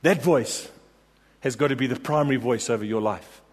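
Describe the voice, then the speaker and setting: A man's voice: medium pitch, moderate pace. A man preaching a sermon, emphatic and repetitive, rallying his congregation with questions and refrains. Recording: long reverb of a large hall.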